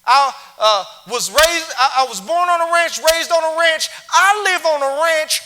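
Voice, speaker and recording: A man playing a brash male rancher in a cowboy hat, talking loudly and emphatically. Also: extremely high pitch, unhurried, in a large hall, background noise, pitched above the performer's own voice. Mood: emphatic. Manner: loud, emphatic, exclaiming.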